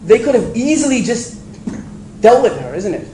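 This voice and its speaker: High-voiced man preaching in an echoey hall. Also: moderate pace. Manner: animated, acts out quoted voices for humor. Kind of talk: storytelling religious lecture. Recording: echoey hall with faint ambient noise.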